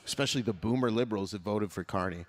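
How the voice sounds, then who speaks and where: Talking fast, this stand-up comic does crowd work in a loose, foul-mouthed style. He keeps laughing, and his voice rises and falls widely.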